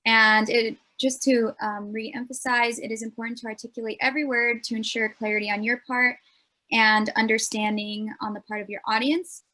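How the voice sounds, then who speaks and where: A young woman, a student presenter, leads a speech workshop with an earnest, explanatory delivery, filling pauses with ums. Her voice sits a bit higher than most and is level, bright and forceful.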